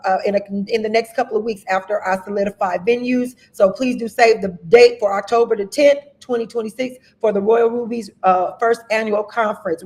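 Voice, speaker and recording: Lively woman host with a preacher's delivery. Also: fairly high pitch. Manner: lively, preacher-like, greets viewers by name. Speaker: host and minister. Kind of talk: livestream announcements and shout-outs.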